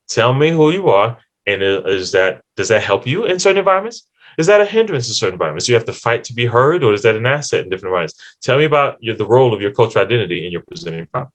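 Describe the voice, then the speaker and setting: A man giving a conversational lecture to counseling students, acting out short client and therapist exchanges. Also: fairly low pitch. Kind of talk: lecture with acted client dialogues.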